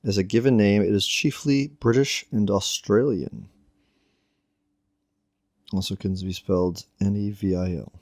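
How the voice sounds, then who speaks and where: A low-voiced young man recaps a movie in casual talk with a deadpan, slightly exasperated tone. The recording is dry and close, with no room sound. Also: measured pace, pauses often, dry recording. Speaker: podcast co-host. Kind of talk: casual chat, recapping a film.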